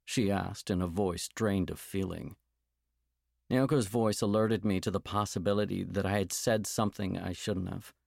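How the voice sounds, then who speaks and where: A man narrating a novel in the first person, with a measured, gentle storytelling manner and a gravelly voice. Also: sits low, steady tone, no echo, clean studio sound. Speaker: audiobook narrator.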